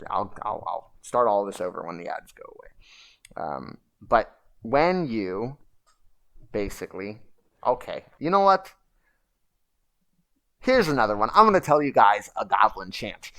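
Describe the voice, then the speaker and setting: A man hosting a casual livestream, rambling and animated as he tells stories and answers viewer questions. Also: mid-range voice. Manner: rambling and animated, chanting and shouting at times. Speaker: livestream host.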